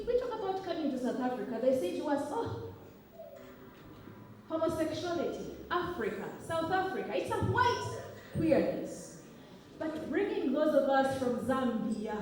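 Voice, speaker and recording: A woman's voice: high voice, dark tone, slight background noise. A young woman from Uganda, an academic, giving an impassioned public speech. She talks rhetorically and with emphasis, and often checks in with "okay?". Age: young adult. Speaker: academic speaker. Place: large echoey hall. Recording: echoey hall recording from far off.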